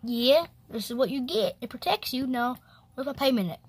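A woman's voice: high-pitched, expressive, husky. A woman acting out a comic skit, switching playfully between characters. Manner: playful, switching voices quickly. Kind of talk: comedy skit acting several roles.

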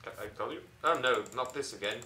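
A man's voice: medium pitch, brisk, sharp tone, reverberant, slight background noise. A young man giving game commentary as a host, joking around, swearing and laughing often. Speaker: let's play host.

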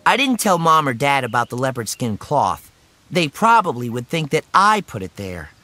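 A man reads a children's story in the first person, with his pitch rising and falling a lot. His voice is bright and clear, and he plays up every moment of suspense. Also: normal speed, dry recording, soft background music. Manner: expressive and animated. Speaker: audiobook narrator. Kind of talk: scripted first-person narration.

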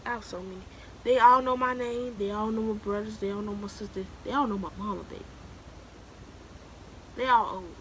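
A woman's voice: medium pitch, brisk, long pauses, fairly bright tone, a little hiss or hum, low-quality recording. Emphatic young woman giving frank advice. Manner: emphatic and preachy, keeps calling the viewer "baby"; repeats phrases for emphasis. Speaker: vlogger giving advice to new students. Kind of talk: casual advice monologue to camera.

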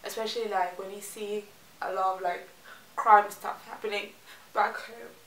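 A woman's voice: medium pitch, fairly even intonation, normal speed, a bit bright. A woman from South Africa chatting casually in a reaction vlog, rambling and laughing between phrases. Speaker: reaction vlogger. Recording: roomy echo with music faintly behind.

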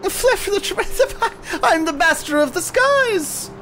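A man's voice: very high-pitched, lively intonation, normal speed, pushed and bright, soft background music, pitched above the performer's own voice, full character voice. A man voicing a flamboyant, boastful male fairy acrobat who talks in a bombastic, showy way. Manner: bombastic, showy, easily offended.

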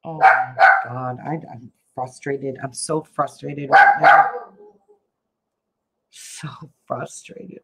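Slow-talking woman vlogger muttering along. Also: a bass voice, fairly even intonation, heavy background noise. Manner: exasperated, muttering to herself. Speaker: crafting vlogger. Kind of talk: casual vlog chatter while crafting.

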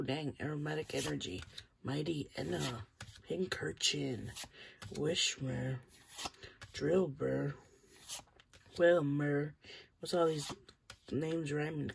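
Talking straight to the audience, this host gives relaxed, chatty commentary on a trading card opening and gets excited over strong pulls. The voice is medium in pitch and creaky, with a little hiss or hum in the recording.

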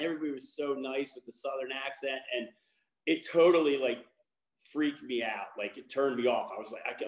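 Speaking at a normal speed with a medium pitch, the Baltimore lacrosse coach offers an honest personal testimony to the audience he's visiting. The room is reverberant, and his talk meanders with frequent fillers and restarts.

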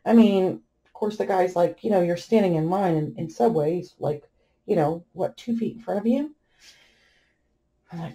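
Mellow-voiced woman telling a chatty story. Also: fairly low pitch, moderate pace, long pauses. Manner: chatty storyteller, laughs often, animated retelling. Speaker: crafting vlogger. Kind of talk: casual anecdote while crafting.

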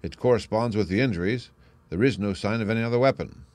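A man voicing a confident male detective in an audiobook, crisp and brisk, pitching his voice up and speaking louder for the role. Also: no echo, lightly acted. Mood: assured. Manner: brisk, crisp, declaiming deductions. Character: sharp, confident male detective, lively and assured. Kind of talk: audiobook character reading.

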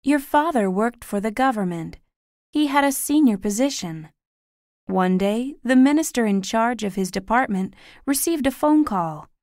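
A man voicing a gentle, sad mother in an audiobook reading, with a soft, tender manner. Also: very high-pitched, animated, normal speed, no echo, studio quality, pitched above the performer's own voice.

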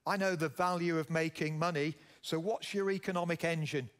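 A middle-aged business founder from Yorkshire, England, gives a conference keynote on stage, telling stories and putting questions to the audience. He has a Yorkshire accent and a fairly high voice, speaking briskly with fairly even intonation.

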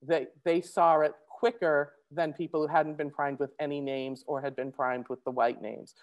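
A woman giving a conference presentation, talking fast with many restarts and fillers. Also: low-pitched, level tone.

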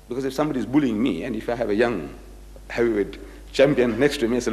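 Talking fast in a medium-pitched voice, a male lecturer tells anecdotes to a public audience and animatedly performs the dialogue he quotes. Echoey hall reverb colors the sound.

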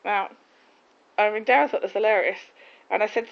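A woman's voice: mid-range voice, steady tone, a little fast, gravelly. A woman in casual chat, telling rambling, gossipy stories full of restarts. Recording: dull lo-fi recording.

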